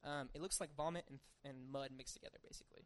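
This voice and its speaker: A man's voice: mid-range voice, fairly even intonation, fast talker. A young man giving a casual sermon, reading scripture and retelling the story in an informal, chatty way. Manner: informal and chatty, acting out the story in everyday voices.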